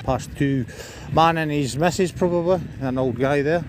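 A man's voice: a little high, moderate pace, over music. A Scottish man chatting on a live stream while walking his dog outdoors, joking, swearing and snapping commands at the dog. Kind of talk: casual live-stream chat. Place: outdoors in a park and by roads.

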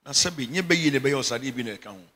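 A man's voice: mid-range voice, expressive, fast talker, pushed and bright. A middle-aged Ghanaian man preaching a sermon as bishop, emphatic and often breaking into laughter. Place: church chapel.

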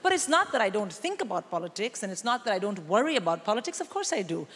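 A woman's voice: medium pitch, very animated, quick pace, very noisy. A woman from India performing a stand-up routine on stage, brash and exasperated, telling stories with mock indignation. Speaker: stand-up comic. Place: theatre stage with live audience. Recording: live venue with long reverb.

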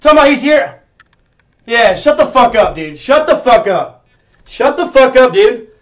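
A man with a high voice for his sex rants at his live-stream chat. He is profane and confrontational, dropping to sullen mutters, then rising to yelling. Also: very animated, normal speed. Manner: swings between muttering and yelling. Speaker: livestreamer.

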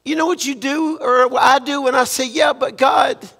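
A man's voice: very high voice, fairly even intonation, a little fast, creaky, fairly bright tone, long reverb tail. A man from Louisiana preaching a sermon as a guest pastor, impassioned and repetitive, moving into prayer. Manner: impassioned preaching, repeats phrases, ends in prayer. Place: church sanctuary.

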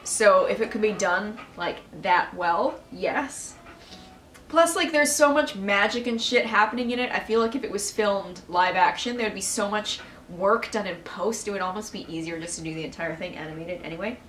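A woman's voice: medium pitch, moderate pace, a bit bright, roomy sound, far from the mic, a little hiss or hum, rough recording. A young woman answering viewer questions in a casual video, candid and emotional and swearing freely. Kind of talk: casual Q&A chat.

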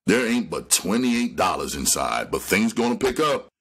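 A man voicing a sharp, husky, sinister elderly woman in a read-aloud crime novel. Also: fairly low pitch, very animated, moderate pace, voice pushed up, exaggerated voice. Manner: sharp, harsh. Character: harsh sinister elderly woman running a numbers route.

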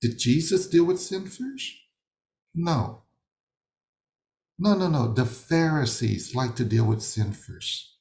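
A man's voice: medium pitch, expressive, slow pace, long pauses, a little mellow, reverberant. A man teaching a sermon over a video call, emphatic and fond of rhetorical questions that he answers himself. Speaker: ministry leader teaching a session.

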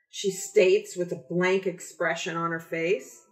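Woman author reads her kids' book aloud, unhurried and expressive, roomy echo. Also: fairly low pitch. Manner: slow, expressive storytelling. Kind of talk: reading a picture book aloud. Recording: echoey room.

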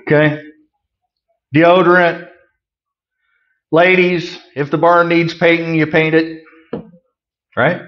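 A middle-aged man preaching a conversational sermon, folksy with joking asides, swinging from loud emphasis to quiet remarks. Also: a little high, flat delivery, takes it slowly, pauses often, lo-fi sound. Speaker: pastor.

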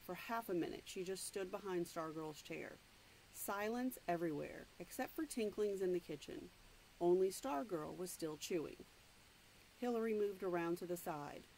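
A woman's voice: fairly low pitch, lively intonation, a little mellow, a little hiss or hum, low-quality recording. Woman reading a novel aloud. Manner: plain, unhurried read-aloud narration with asides. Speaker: reader.

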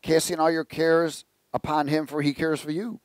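A man's voice: a little high, level tone, moderate pace, no echo. A man preaching a conversational sermon, telling jokes and asking the congregation questions. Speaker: pastor.

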